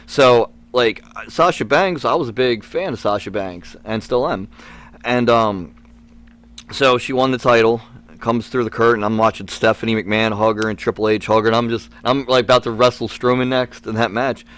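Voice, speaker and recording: A man speaks as a guest on a podcast, recounting a story in a lively, rambling way. His voice sits at an ordinary middle pitch, and he fills his sentences with small fillers and quick restarts. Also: clear, resonant tone. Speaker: wrestler guest.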